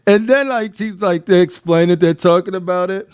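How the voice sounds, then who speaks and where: A man co-hosting a casual podcast, chatting about a TV episode and acting out scenes in quick voices. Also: sits high, clean tone, dry recording. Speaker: podcast co-host. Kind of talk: casual watch-along chat.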